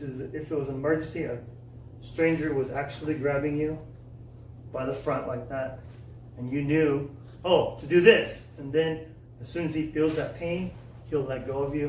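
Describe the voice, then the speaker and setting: Guy teaching a kids martial arts class, keeps saying okay, yells kiai, kinda far off mic, faint background noise. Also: on the high side, moderate pace, reverberant. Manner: repeats "okay?" often, shouts loud kiai cries. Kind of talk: follow-along class instruction for kids. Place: indoor martial arts studio.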